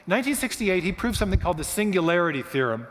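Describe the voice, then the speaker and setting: A man giving a guest talk in a church, explaining in an animated storytelling way with frequent restarts. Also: sits high, racing. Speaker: guest speaker. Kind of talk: lecture-style talk. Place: church hall. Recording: long hall reverb.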